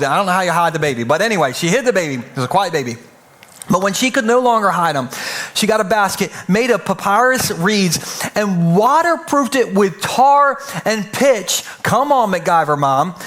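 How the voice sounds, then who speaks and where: A man's voice: sits high, a bit bright. A man preaching a sermon to a live church audience, playful and jokey, acting out little scenes in funny voices. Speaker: pastor.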